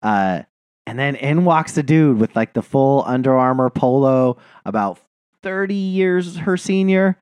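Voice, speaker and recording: A man's voice: mid-range voice, animated, a little slow, a little mellow, smooth, no room sound. Rambling, profane male podcast host. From New Jersey. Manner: rambling storyteller, profane, laughs a lot. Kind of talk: casual chat.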